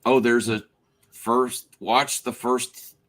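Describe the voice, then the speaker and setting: A man chatting casually about a TV finale, animated and often restarting his sentences. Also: mid-range voice, takes it slowly. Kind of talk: casual spoiler chat.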